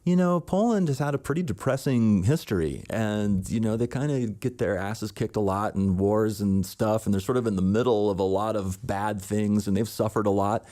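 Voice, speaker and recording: Casting note: man in casual podcast chat, low mellow voice, relaxed and easygoing. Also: moderate pace, few pauses. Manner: relaxed, thoughtful storytelling. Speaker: voice actor guest.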